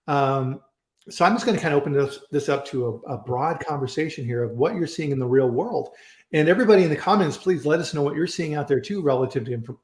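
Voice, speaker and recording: Male host for a casual live chat show, mid-pitched, loose and talkative, recorded in an echoey room. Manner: chatty, rambling, frequent restarts and fillers. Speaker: host of a live online food safety chat. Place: home in Colorado. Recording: roomy echo.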